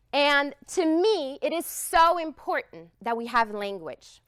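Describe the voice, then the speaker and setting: With a high voice that swoops up and down, a woman tells her story to the room, emphatic and heartfelt and full of expressive energy. The sound is close and dry, without any echo.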